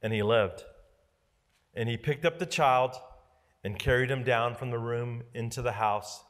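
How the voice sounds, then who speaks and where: A male pastor preaching a sermon dramatically, swinging from loud declarations to hushed near-whispers. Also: medium pitch, a little slow, long reverb tail. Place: church sanctuary.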